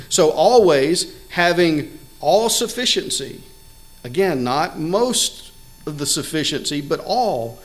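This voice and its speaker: A man's voice: fairly high pitch, animated, a little slow, low-quality recording. A man preaching a sermon earnestly, stressing key words and building emphasis, with occasional fillers and restarts. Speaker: pastor.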